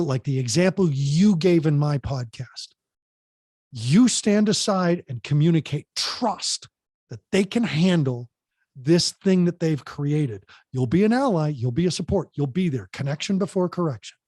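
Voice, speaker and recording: Male podcast guest, parent coach, emphatic and plain-spoken, voice a bit high, dry recording. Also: a little mellow, slightly rough, no echo. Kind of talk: podcast interview advice.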